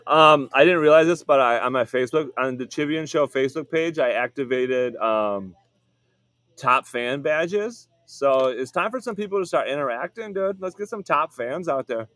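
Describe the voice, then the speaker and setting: A man's voice: mid-range voice, moderate pace, fairly bright tone, dry recording. A man hosting a podcast in casual chat, laid-back, often saying dude and laughing. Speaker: podcast host.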